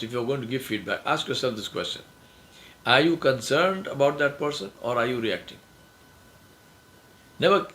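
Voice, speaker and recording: A man's voice: fairly bright tone, poor audio. A middle-aged man giving a motivational lesson, emphatic, acting out quoted phrases in a raised voice. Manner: emphatic, acts out quoted phrases with rising pitch. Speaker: speaker on success skills. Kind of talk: motivational talk.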